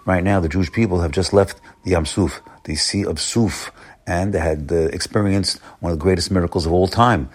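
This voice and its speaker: A man giving an informal Torah lesson as a rabbi, repeating words often, rising for emphasis and then dropping low. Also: brisk, slightly rough.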